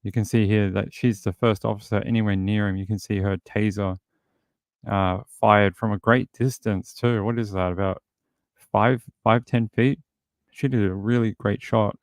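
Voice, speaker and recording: In a clean studio recording with no echo, a true crime host with a fairly low, slightly mellow voice speaks at a moderate pace in a steady tone. He offers rambling, wry commentary on news clips and imitates the people in them in goofy voices.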